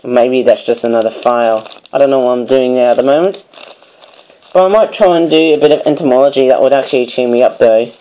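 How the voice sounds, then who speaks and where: A hoarse man in a casual, rambling vlog, chatting about and handling toy birds at home, tagging his thoughts with "I suppose". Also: mid-range voice, brisk, mellow, poor audio. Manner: rambling, filler-heavy, keeps tagging "I suppose". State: hoarse, voice giving out. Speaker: toy review vlogger. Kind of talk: casual rambling product show-and-tell.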